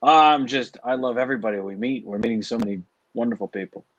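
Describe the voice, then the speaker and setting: A man's voice: mid-range voice, fast, muffled recording, background noise. A man co-hosting a late-night stream, chatting casually and rambling about guests and accents. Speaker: co-host.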